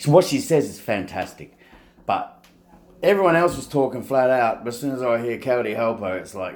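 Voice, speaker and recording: A man's voice: medium pitch, lively intonation, moderate pace, darkish tone. A middle-aged man with an Australian accent, rambling in a casual, blunt and sweary monologue. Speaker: vlogger.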